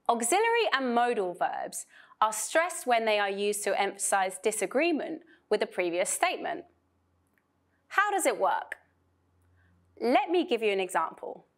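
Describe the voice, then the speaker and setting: A woman from Vietnam giving a scripted pronunciation lesson for students, speaking slowly and clearly with careful emphasis. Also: fairly high pitch, fairly bright tone. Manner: slow, clear, emphatic teaching delivery. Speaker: pronunciation teacher.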